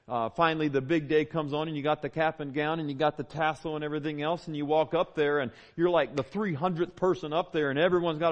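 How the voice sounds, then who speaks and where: The recording is lo-fi: a pastor from the American South, his voice a little high, gives a sermon in church, speaking conversationally but with emphasis and returning again and again to certain phrases.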